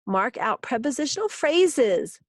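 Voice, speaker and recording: A woman teacher giving a recorded grammar lesson, explaining each step slowly and patiently. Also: on the high side, big pitch swings, no echo, clean studio sound.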